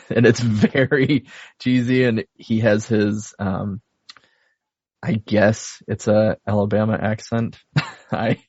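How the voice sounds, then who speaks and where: A man's voice: fairly low pitch, flat delivery, slow pace, a little mellow, no room sound. A man co-hosting a podcast in casual chat, recapping a story in an amused way and laughing often. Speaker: podcast co-host. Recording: dry, slightly dull audio.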